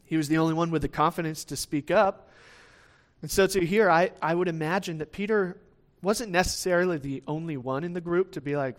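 A man's voice: on the high side, a little fast. Man preaching a conversational sermon. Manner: conversational, with frequent restarts and "right?" asides; acts out the quoted lines of the disciples in lively voices.

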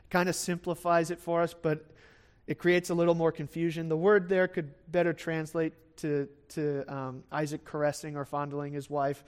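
A man's voice: fairly high pitch, flat delivery, normal speed, smooth. A man preaching a sermon, reading scripture and explaining it in a conversational way with fillers, and sometimes acting out the people in the story. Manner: expository Bible teaching with acted asides. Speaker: pastor.

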